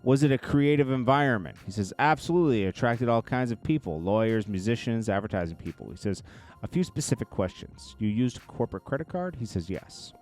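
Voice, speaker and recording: A man reading court testimony aloud in a casual commentary style, in a low murmur broken by quick reactions. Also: animated, faint music behind. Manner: reads quotes in a low murmur, then reacts loudly with laughs.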